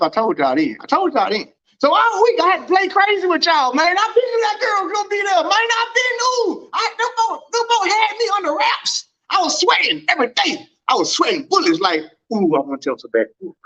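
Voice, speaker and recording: A man hosting a casual livestream from home, telling a story and acting out quoted dialogue with big pitch swings. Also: sharp tone, highs cut off. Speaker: track and field livestream host.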